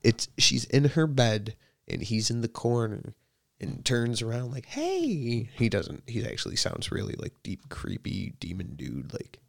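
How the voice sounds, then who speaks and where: Brief: young male co-host, gravelly voice, dry close sound, casual teasing banter. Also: lowish voice, expressive, normal speed, no echo. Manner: joking, swearing, teasing. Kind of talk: casual chat.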